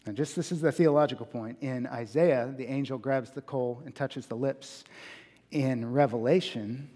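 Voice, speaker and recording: A man preaching a sermon in earnest. He builds to emphatic peaks and slows down on key phrases. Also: medium pitch, dark tone, in a large hall. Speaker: pastor.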